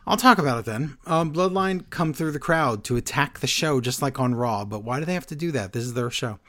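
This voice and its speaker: A man co-hosting a casual talk show, recapping events in an animated way and acting out the quotes he retells. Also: fairly quick. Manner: animated, acts out quotes with shifting pitch and loudness. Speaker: podcast co-host recapping wrestling. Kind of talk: casual chat.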